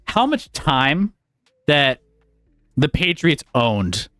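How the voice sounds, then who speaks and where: A man's voice: a little high, big pitch swings, extremely slow, a bit bright, dry recording, studio quality, faint music behind. A man co-hosting a sports talk show, thinking aloud in a tentative, meandering way. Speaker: sports podcast co-host. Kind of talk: casual sports debate.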